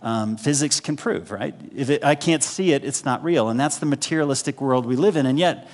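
A man preaching a sermon in a conversational way, often checking in with the congregation with quick asides. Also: mid-range voice, a little mellow. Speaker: pastor. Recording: long hall reverb.

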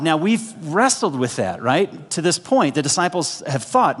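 A man with a fairly high voice preaches a sermon, talking to the congregation in a relaxed, conversational way and checking in with quick asides. The sound carries a long hall reverb from the church sanctuary. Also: slightly rough. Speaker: pastor.

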